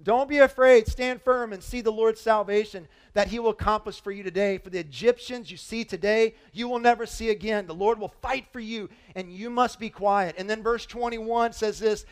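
Bright-voiced preacher asking rhetorical questions. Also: male voice, high voice, normal speed, hardly any pauses, clear, resonant tone. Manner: animated, asks many rhetorical questions. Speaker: pastor. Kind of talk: sermon.

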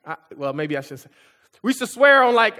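Very animated and fairly quick, a high-voiced male pastor with a sharp tone preaches in a church auditorium. His style is conversational, with repetitions and asides aimed at the congregation, and the room leaves a long reverb tail.

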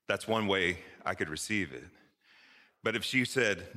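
A pastor delivers a sermon in a church sanctuary, speaking with relaxed, conversational warmth and tossing in playful asides. His voice sits lowish but carries a bright, forceful edge, and his lively intonation moves at a normal speed. The sound rings through the large hall, trailing a long reverb.

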